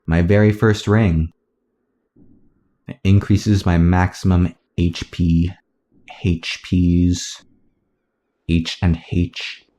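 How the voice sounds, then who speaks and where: A man casually commentating his own gameplay, rambling aloud through tangents with soft self-mocking asides. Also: sits low, flat delivery, extremely slow, pauses often. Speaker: let's play gamer.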